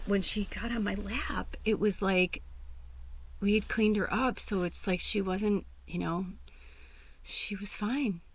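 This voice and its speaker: A woman's voice: medium pitch, slightly rough. A young adult woman hosting a podcast, telling an emotional personal story with many fillers, on the verge of tears and often dropping to a whisper. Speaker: podcast host and medium.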